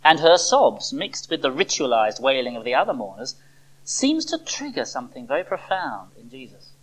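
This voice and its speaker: A preacher giving a sermon to a church service, expressive, with dramatic pauses and rhetorical questions. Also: mid-range voice, poor audio.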